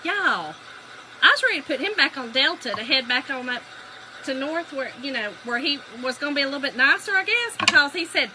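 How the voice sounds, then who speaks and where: A woman's voice: high voice, animated, a little fast, bright, forceful tone, slight background noise, poor audio. A woman with a Southern US accent hosting a crafting livestream, chatting with viewers and telling stories. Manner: chatty storytelling, addresses viewers as y'all. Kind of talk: casual crafting livestream chat.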